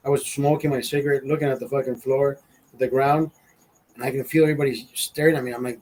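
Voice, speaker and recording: A man's voice: mid-range voice, steady tone, quick pace, darkish tone, a little hiss or hum, poor audio. A man in his forties from Honduras telling a rambling, profane story in casual chat, laughing as he goes. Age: 40s. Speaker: podcast host.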